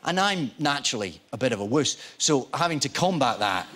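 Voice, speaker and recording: Animated male actor telling anecdotes. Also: medium pitch, fairly quick. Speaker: actor guest. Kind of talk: talk show interview.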